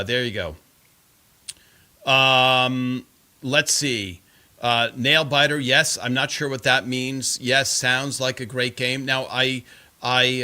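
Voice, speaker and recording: A man's voice: mid-range voice, pushed and bright. A man hosting a live stream, chatting casually and reading viewer comments in a rambling way full of fillers.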